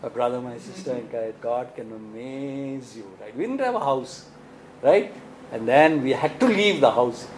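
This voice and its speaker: At medium pitch and normal speed, a man with an Indian English accent gives an animated sermon full of rhetorical questions and frequent "right?" tags. The audio is poor, with slight background noise.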